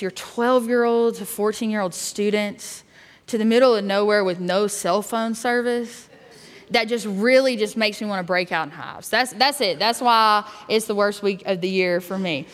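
A woman youth pastor preaches a sermon in a candid, storytelling way, full of fillers and restarts. Her voice sits at a middle pitch. The sound carries a long reverb from a large hall. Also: a bit bright.

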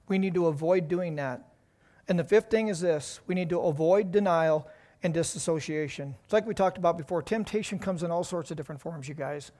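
Pastor, male, high-pitched; emphatic sermon delivery, rhetorical questions.

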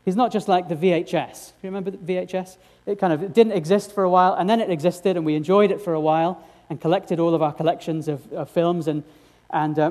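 A man's voice: high voice, a little mellow. A man preaching a sermon, earnest and direct, often asking his congregation rhetorical questions.

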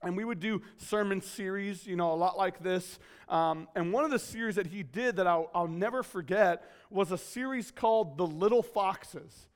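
A man's voice: high-pitched, normal speed. A man in his thirties from California, preaching a casual sermon full of self-mocking stories and fillers. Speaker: guest preacher at his home church.

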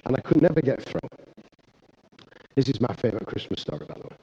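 A man preaching a sermon, telling a personal story earnestly and growing excitable, with frequent restarts. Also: mid-range voice, quick pace, dull audio. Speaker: pastor.

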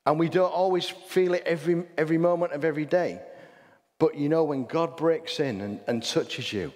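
A man's voice: fairly high pitch, normal speed, a little mellow. A man with a Hull accent preaching a sermon, chatty and full of rhetorical questions and restarts. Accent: Hull English. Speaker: pastor. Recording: long hall reverb.

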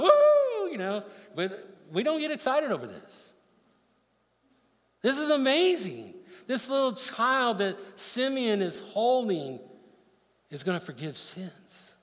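A man's voice: high voice, fairly bright tone, in a large hall. A man preaching a sermon, reading scripture aloud and explaining it with emphasis. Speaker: pastor.

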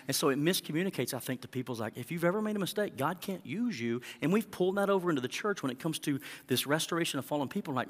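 A man's voice: a little high, animated, quick pace, few pauses. Man preaching in a reverberant hall. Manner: earnest preaching, rising to emphatic peaks. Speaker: pastor. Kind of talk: sermon.

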